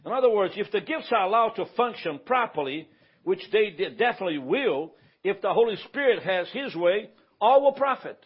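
This pastor leads a church class on the Bible in a conversational way, regularly asking whether the room is following. His husky voice sits high and sounds animated at a moderate pace, and the recording is dull and lo-fi.

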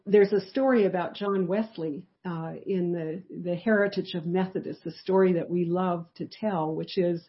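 Woman Bible teacher, low-pitched, conversational storyteller, muffled lo-fi sound. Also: moderate pace, hardly any pauses. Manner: conversational storytelling, lively shifts in loudness. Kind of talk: personal testimony in a live Bible study.

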